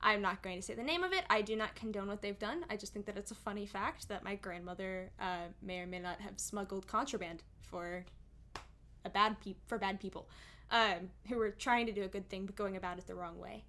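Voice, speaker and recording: Young woman, bright tense voice, casual stream chat, rambling explanations. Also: mid-range voice, brisk, a little hiss or hum. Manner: chatty, explaining at length with many asides. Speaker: singer and streamer.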